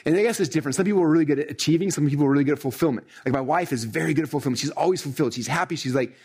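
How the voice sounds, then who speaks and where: A middle-aged man with a husky voice delivers a motivational training talk to a live audience. He speaks at a rapid clip and keeps the energy up. His speech is full of "right?" and "like". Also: on the high side, a little mellow. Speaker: success coach.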